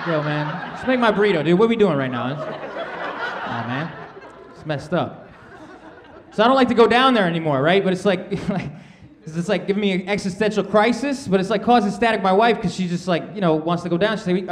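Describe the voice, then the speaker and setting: A man's voice: high-pitched, animated, fairly quick. A man in his thirties doing a stand-up comedy set on stage, laid-back and conversational, often tossing in "man" and "right?". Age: 30s. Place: comedy stage before a live audience.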